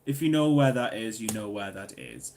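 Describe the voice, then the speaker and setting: With a fairly low-pitched voice at normal speed and a little noise in the background, a young Newcastle man with a Geordie accent answers questions on a casual livestream. He chats, jokes, reads the chat aloud and sometimes shouts out in loud excitement.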